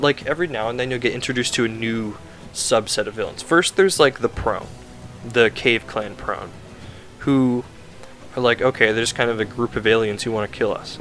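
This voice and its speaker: A man's voice: medium pitch, a bit bright. Rambling sarcastic man reviewing a game. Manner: rambling, sarcastic, swears often, many fillers.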